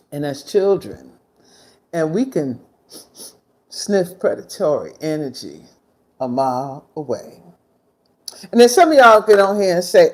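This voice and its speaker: Woman, low-ish voice, lively intonation, blunt, swearing, casual outdoor storytime. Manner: blunt, animated, swearing freely. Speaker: vlogger. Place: outdoors in the sun.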